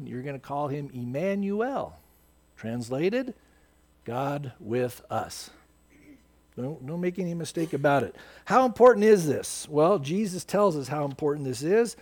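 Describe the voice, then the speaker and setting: Animated high-voiced male preacher. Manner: emphatic, quotes scripture with rising force. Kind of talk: sermon.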